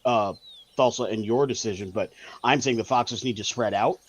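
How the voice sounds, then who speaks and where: A man's voice: medium pitch, normal speed, a little hiss or hum. A man playing a tabletop game, explaining a plan step by step. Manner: methodical, explains plans step by step. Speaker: player.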